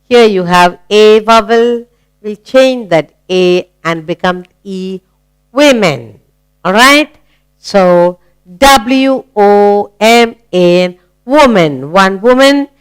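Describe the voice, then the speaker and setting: Slow, lively woman teaching young kids. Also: medium pitch, clear, resonant tone. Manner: slow, sing-song, spelling words letter by letter; asks children questions, encouraging. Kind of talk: children's grammar lesson.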